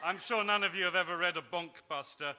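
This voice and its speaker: Bright-voiced man reading comic parodies. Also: sits high, slight background noise. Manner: dry, brisk and self-mocking, with small hesitations. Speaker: author reading at a literary festival. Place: festival stage before an audience.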